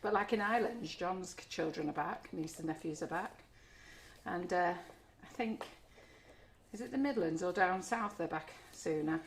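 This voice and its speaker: In her home kitchen, a middle-aged woman leads a live online cake-decorating demo, chatting warmly as her hands stay busy. She speaks at a moderate pace in a fairly low voice, with slight background noise.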